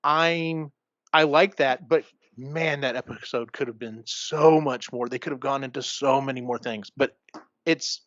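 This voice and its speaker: A man's voice: medium pitch, measured pace, fairly bright tone, no room sound. A man co-hosting a podcast, chatting casually and enthusiastically, often laughing. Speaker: podcast co-host. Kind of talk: casual chat. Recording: dry, dull lo-fi sound.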